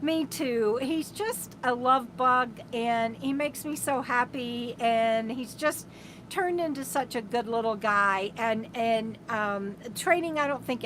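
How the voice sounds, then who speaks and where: High-voiced chatty woman. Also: a bit bright, slight background noise. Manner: chatty, affectionate, rambling with many restarts. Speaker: RV travel vlogger, host of a live stream. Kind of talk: casual live-stream chat, reading viewer comments aloud. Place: inside her RV.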